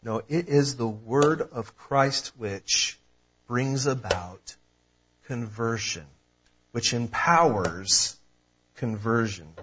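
A man's voice: mid-range voice, takes it slowly, fairly bright tone, muffled recording, a little hiss or hum. A man preaching a sermon as pastor, earnest and emphatic, repeating key phrases for weight.

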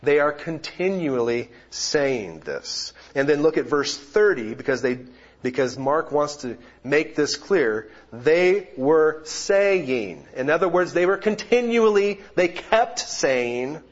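A husky male pastor preaches at an unhurried pace, lingering over his words as he explains scripture. His voice carries a slightly breathy grain, and the recording sounds dull and lo-fi. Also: on the high side. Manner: animated, shifting from quiet explanation to loud exclamations. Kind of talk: sermon.

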